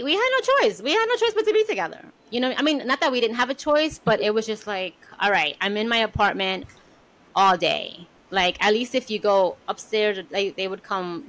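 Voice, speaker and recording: A woman's voice: mid-range voice, a bit bright, rough recording. Reflective woman co-hosting a chat. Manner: reflective, many fillers. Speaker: podcast co-host. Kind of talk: casual conversation.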